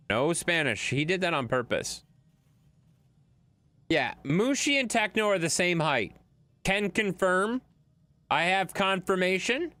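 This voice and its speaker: A male game streamer from Wisconsin talks to his viewers as he plays. He is blunt, swears freely and argues with chat. His voice is animated and swings widely in pitch. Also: clear, resonant tone, no echo.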